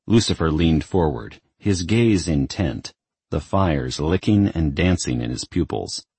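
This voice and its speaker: A man narrating a novel as an audiobook in an expressive storytelling manner. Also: very deep voice, slightly rough, dry recording.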